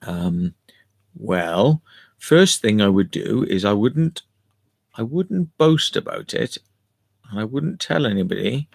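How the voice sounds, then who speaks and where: A man's voice: lowish voice, lively intonation, slow, gravelly, long pauses, darkish tone, slightly rough, no echo. A man chatting casually on a home livestream, rambling and cheeky as he answers viewer comments and swears now and then.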